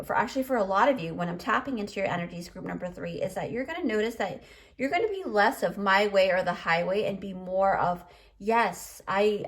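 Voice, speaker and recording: Woman tarot reader, chatty and emotional, choked up, mid-pitched, everyday delivery. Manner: chatty, emotional, filler-heavy. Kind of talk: pick-a-card tarot reading.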